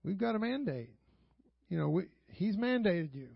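A man with a high-pitched voice preaching a sermon in a church, telling stories like casual talk and pressing the people with rhetorical questions. He chuckles often as he goes. The recording is dry and dull, lo-fi with no room echo. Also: very animated, moderate pace, vocal fry, breathy edge. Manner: conversational storytelling with frequent rhetorical questions. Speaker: pastor. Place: church sanctuary.

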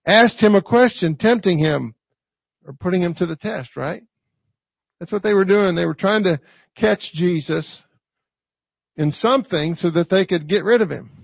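A man's voice: high voice, moderate pace, vocal fry, pauses often, husky, no echo, muffled recording. A man preaching a conversational sermon in a folksy way, often checking in with a rhetorical "right?". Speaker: pastor.

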